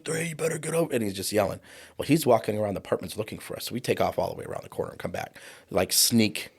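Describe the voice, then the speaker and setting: Low gravelly guy in his 40s telling his life story, acts out the voices. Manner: vivid storyteller who acts out quoted voices. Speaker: guest, trauma coach. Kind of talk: personal storytelling in an interview.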